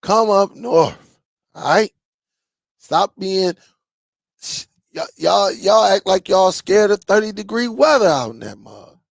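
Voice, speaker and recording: Male stream host, unhurried and gravelly, casual slangy banter with chat, dry close sound. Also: high-pitched, lively intonation, no room sound. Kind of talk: casual live-stream chat reading comments.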